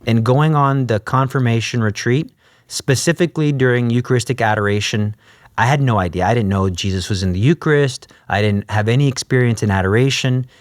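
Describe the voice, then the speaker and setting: A man's voice: medium pitch, fairly quick, no echo, clean studio sound. A man telling his story as an interview guest, acting out the voices of the people in it. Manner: animated, acts out quoted voices. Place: podcast studio.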